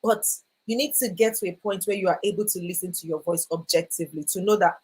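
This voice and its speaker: A woman's voice: fairly low pitch, fast, hardly any pauses, a little mellow, breathy edge. A woman speaking at a live online workshop, encouraging and repetitive, reading viewers' comments aloud. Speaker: voice coach speaker.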